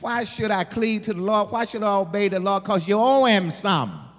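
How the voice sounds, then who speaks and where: A man preaching a sermon, animated, with call-and-response and laughing asides. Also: high voice, normal speed. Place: church sanctuary. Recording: long hall reverb.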